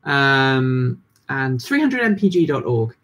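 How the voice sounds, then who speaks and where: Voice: mid-range voice, big pitch swings, takes it slowly, a bit bright. A person in their thirties with a British accent that drifts toward American, hosting a casual livestream chat with lots of ums and restarts. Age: 30s. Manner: rambling, many ums and restarts. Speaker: livestream host.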